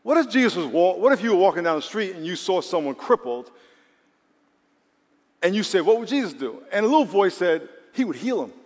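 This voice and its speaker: Man, preacher, sermon, animated, slightly high voice, long hall reverb. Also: fairly quick. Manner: animated, acts out quoted voices.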